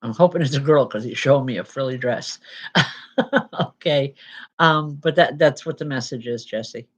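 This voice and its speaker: A woman medium giving spirit readings to a live audience, talking in a halting, searching way with many fillers and restarts. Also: a bass voice, low-quality recording.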